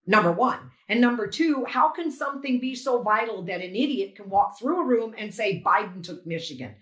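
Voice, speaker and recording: Animated older woman telling her story. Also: a little high, moderate pace, roomy sound. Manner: animated storytelling, acts out exchanges. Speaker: poll challenger giving testimony. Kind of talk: emotional personal testimony.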